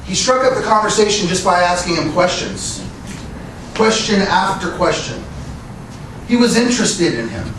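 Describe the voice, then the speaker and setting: In a meeting room, a man delivers a prepared Toastmasters speech, earnest in tone and posing rhetorical questions. His high-pitched voice has lively intonation and a moderate pace. The recording is echoey, with a distant mic and faint noise.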